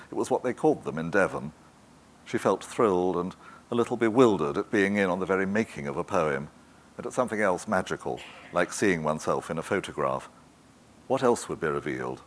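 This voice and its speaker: A man narrating a literary novel in a measured, even manner. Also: sits low. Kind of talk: scripted audiobook narration.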